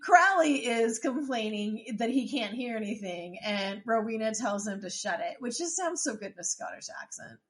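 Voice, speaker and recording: A woman's voice: a little high, animated, normal speed, hardly any pauses. A woman co-hosting a podcast, chatting casually about a TV episode, often trailing off and restarting her sentences. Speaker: podcast co-host. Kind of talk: casual chat recapping a TV episode.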